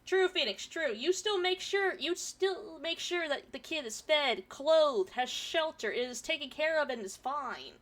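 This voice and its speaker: A woman's voice: sits high, animated, a little slow, hardly any pauses, a bit bright. A woman streamer reading a forum story aloud and chatting about it, swearing casually, her throat a bit irritated from pollen.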